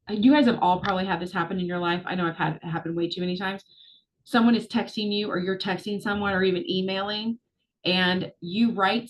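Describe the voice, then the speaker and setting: A woman's voice: medium pitch, lo-fi sound. A middle-aged woman coaching her group on a video call, talking in a chatty, upbeat way with plenty of fillers. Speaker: social media business coach.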